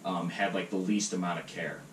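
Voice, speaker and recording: Casual male podcast host, lowish voice, loose storyteller, recorded at a distance with faint hiss. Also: flat delivery, a little fast. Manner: rambling, many fillers like "um" and "like". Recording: roomy, distant mic, faint noise.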